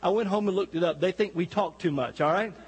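Husky high-voiced folksy preacher man. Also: fast, big-room sound, low-quality recording. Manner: folksy, joking, talks directly to the congregation. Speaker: guest pastor. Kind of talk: sermon. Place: church sanctuary.

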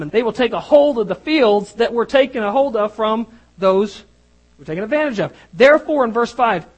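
A preacher delivering an emphatic sermon, moving between loud stresses and hushed lines. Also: mid-range voice, low-quality recording.

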